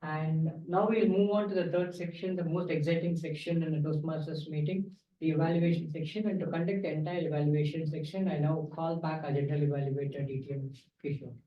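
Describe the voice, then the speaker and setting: Male host, fairly high voice, formal, dull echoey distant sound. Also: fairly even intonation, a little fast. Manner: formal, announcing. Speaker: meeting host. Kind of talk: formal meeting introduction.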